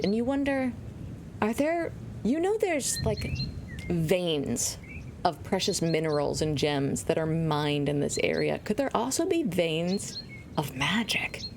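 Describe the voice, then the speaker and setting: Playful woman game master, low voice. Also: a little slow, noisy background. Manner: animated, playful storyteller. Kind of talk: narrating a tabletop game.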